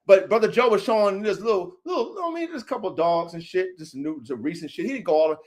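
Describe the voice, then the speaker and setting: A man hosting a podcast, boasting and ranting in a swaggering, profane way that bursts into shouting. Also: high-pitched, animated, fast, few pauses. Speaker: podcast host and dog breeder.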